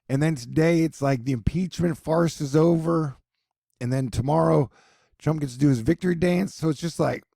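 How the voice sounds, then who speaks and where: A man rambles through joking weather commentary in a gravelly, husky voice. His tone is dark and mellow, recorded close and dry with no room sound. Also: fairly high pitch, no echo. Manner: joking, rambling, many asides. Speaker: weather and news video host.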